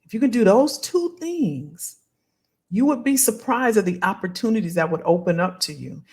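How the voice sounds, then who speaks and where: Talking straight to viewers, a career coach on a live stream is animated and emphatic, tossing out their comments casually as she reads them. Her pitch is medium with a breathy edge, her pace moderate.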